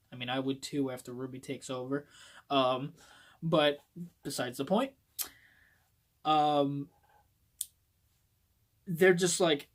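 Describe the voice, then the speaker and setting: Guy ranting about a book into his phone, swears a lot, wanders off track, gets worked up. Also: fairly high pitch. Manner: rambling, swears often, excitable. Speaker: book reviewer. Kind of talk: casual video book review.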